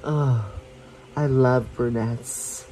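A woman reading a romance story aloud for her podcast, soft and unhurried, with small slips and restarts. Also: a bass voice, steady tone, slight background noise, rough recording.

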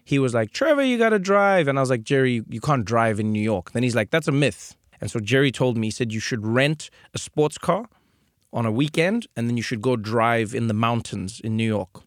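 A man's voice: medium pitch, brisk, dry recording, clean studio sound. A man from South Africa hosting a podcast, telling a story in casual chat and acting out the people in it. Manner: animated, acts out voices in anecdotes. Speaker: podcast host.

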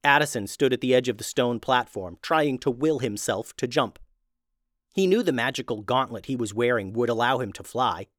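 Guy reading a kids fantasy story, even tone, dry mic. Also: mid-range voice, normal speed, no echo. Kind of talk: children's story narration.

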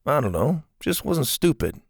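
A man voicing a laid-back, understated boy survivor in a storybook reading, with a husky, gravelly voice. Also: on the high side, sing-song, moderate pace, dry recording, clean studio sound, pitched above the performer's own voice, heavily acted.

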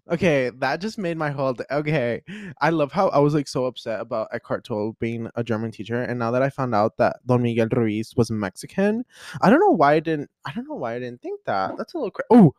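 Animated rambling young man, dry sound. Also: mid-range voice, dry recording. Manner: rambling, self-interrupting, excitable. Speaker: podcast host. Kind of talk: casual solo chat.

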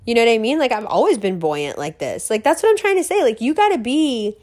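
Brief: higher-voiced woman, stream host, bubbly and gushing, swears casually, "like" in every phrase. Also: very animated, quick pace, darkish tone. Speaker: host of her own live stream. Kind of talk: casual motivational monologue. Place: sitting on a velvet couch in a room full of bamboo.

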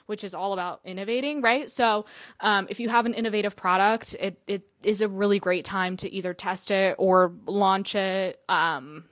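A woman's voice: mid-range voice, steady tone, normal speed, fairly bright tone, no room sound. A woman hosting a solo podcast in a casual, chatty way, full of fillers and the odd swear word. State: out of breath. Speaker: podcast host.

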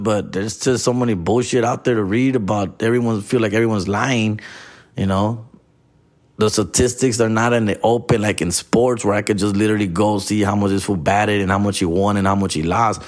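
Los comedian, lower voice, heated slangy rant with Spanish mixed in. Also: male voice. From Los Angeles. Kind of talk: profane casual rant.

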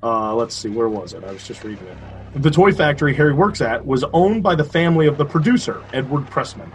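A man's voice: mid-range voice, animated, fairly quick, a little hiss or hum. A man chatting casually while watching a movie, rambling with restarts and laughing at what he sees. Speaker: movie commentary co-host.

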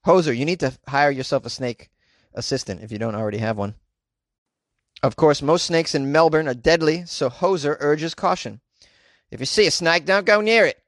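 A man's voice: on the high side, a bit bright, no echo. A man reading news stories aloud and cracking sarcastic jokes about them. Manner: sarcastic, wisecracking, laughs at own jokes. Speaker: comedic news commentator. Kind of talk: reading news with joking commentary.

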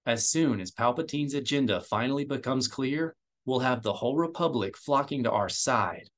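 A man's voice: mid-range voice, moderate pace, close to an everyday voice. A man voicing a loyal male aide who speaks urgently, firmly and bitterly in an audiobook. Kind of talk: audiobook character voice.

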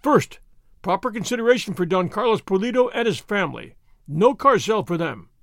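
A man's voice: sits high, lively intonation, fairly quick, vocal fry, fairly bright tone, no room sound, clean studio sound, full character voice. A man voicing a proud young noble horseman leader in an audiobook reading, speaking in a stern, declaiming way.

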